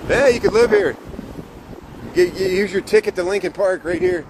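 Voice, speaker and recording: A man's voice: high-pitched, moderate pace. Rambling man touring city streets. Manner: rambling, self-correcting, enthusiastic about buildings. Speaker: vlogger giving a walking tour. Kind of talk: casual walking-tour commentary. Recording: wind noise and street traffic.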